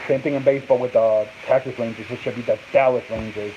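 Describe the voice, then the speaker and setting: On a laid-back sports talk show, the male host rambles and repeats himself, frequently restarting sentences as he responds to people off-mic and reads live comments. He talks fast in a mid-range voice with fairly even intonation. The tone is dark, the highs cut off, with slight background noise.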